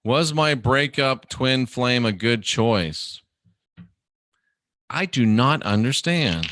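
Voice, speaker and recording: A man's voice: medium pitch, expressive, slow pace, fairly bright tone, no echo, clean studio sound. A man hosting a casual livestream, reading viewer questions aloud and answering them by name in a rambling, chatty way.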